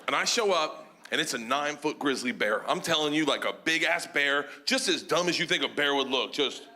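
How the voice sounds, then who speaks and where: Loud high-voiced man doing stand-up. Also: brisk, hardly any pauses. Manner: loud, animated storytelling with shouted punchlines. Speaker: stand-up comedian. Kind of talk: stand-up storytelling. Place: comedy club stage with audience. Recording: live stage recording with crowd noise. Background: audience laughter.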